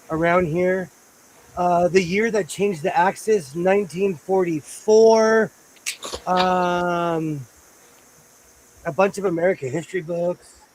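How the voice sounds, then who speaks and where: A middle-aged man chats casually as the host of a home live stream, his voice sitting a little high for a man. He talks in a playful, animated way and likes to say things twice to get his point across. A faint hiss runs under the sound. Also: poor audio. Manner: playful, repeats phrases, animated storytelling. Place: home sewing room.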